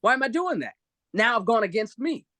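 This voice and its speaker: A man's voice: very high-pitched, very animated, brisk, sharp tone, dry recording. A man speaking expressively on a live video-call talk show, giving emphatic motivational advice.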